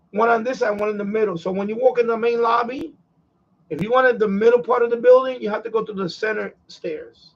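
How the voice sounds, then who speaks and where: A man's voice: high-pitched, muffled recording. A man with a New York accent chatting casually and repetitively on his radio hobby live stream. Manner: repetitive, conversational, chuckles often. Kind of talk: casual rambling chat.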